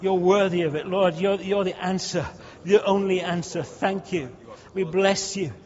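A man leads his congregation in prayer, stacking fervent, repeated requests. His voice sits high. The sound is dull and hangs in a long church-hall reverb. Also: fairly even intonation, moderate pace, darkish tone. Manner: fervent, repetitive, rising pleas. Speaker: pastor.

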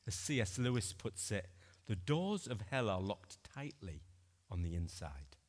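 Earnest male preacher, deliberate and expressive, long church reverb. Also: on the low side. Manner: earnest, dramatic swings between loud and hushed. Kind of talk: sermon.

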